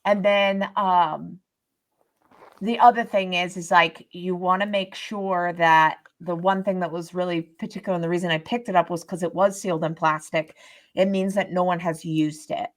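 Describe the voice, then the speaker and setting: Rambling woman with a low voice. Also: fairly even intonation, moderate pace. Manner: rambling, many fillers and restarts; explains tarot practice from experience. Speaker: podcast co-host. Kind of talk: casual chat.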